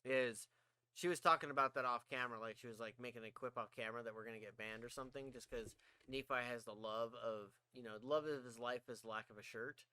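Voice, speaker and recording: A man's voice: mid-range voice, steady tone, a little fast, bright, forceful tone, clean tone, dry recording. A man co-hosting a podcast, chatting casually, laughing often and swearing as he rambles through stories. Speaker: podcast co-host. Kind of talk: casual chat.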